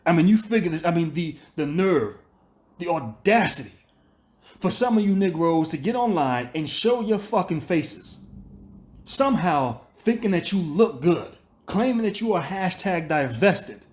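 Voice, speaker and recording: A man's voice: high voice, big pitch swings, measured pace, a little mellow. A man hosting a commentary channel, delivering a profane, scolding rant that circles back on itself and repeats his points. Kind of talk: ranting commentary monologue.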